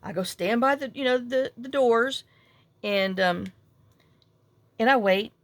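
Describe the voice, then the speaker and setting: Chatty gravelly woman. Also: fairly high pitch, slow, dry recording. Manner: rambling, chatty, self-deprecating. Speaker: crafting vlogger. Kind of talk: casual storytelling while crafting.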